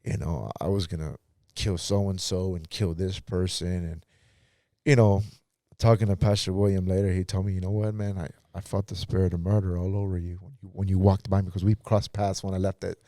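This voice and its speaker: A man's voice: low-pitched, level tone, brisk, warm tone, no echo, studio quality. A man, a pastor on a podcast, telling his life story earnestly and acting out past conversations. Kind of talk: personal testimony in casual talk.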